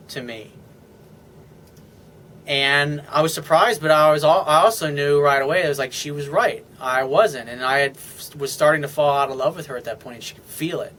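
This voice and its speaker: A man's voice: mid-range voice, sharp tone, a little hiss or hum. A man giving casual, unscripted dating advice as a relationship coach, speaking bluntly and swearing freely. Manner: blunt and profane, talks straight to the listener.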